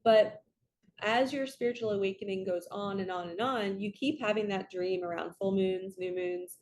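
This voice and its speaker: Woman spiritual coach, casual earnest monologue, animated storyteller. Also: mid-range voice, moderate pace. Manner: earnest, chatty, frequent "right?" check-ins; animated storytelling with acted quotes.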